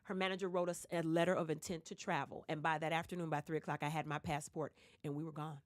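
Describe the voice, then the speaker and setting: At a quick pace, a Detroit woman who sings tells stories on a radio show, animatedly playing the voices of people she quotes with sharp pitch changes. It's a studio microphone recording in a radio studio with no room sound.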